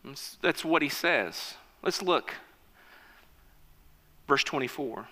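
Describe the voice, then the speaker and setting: A man preaches with a high, forceful, cutting voice, pressing each point as he tells a story. His words carry a long reverb, as if spoken in a large hall. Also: animated, takes it slowly. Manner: emphatic, storytelling, calls on the congregation. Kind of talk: sermon.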